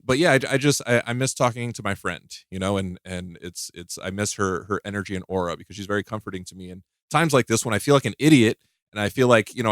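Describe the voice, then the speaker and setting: A man hosting a podcast in casual chat, talking with halting restarts and stammered repeats, joking and laughing at his own stories. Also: fairly low pitch, no echo, studio quality. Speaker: podcast host.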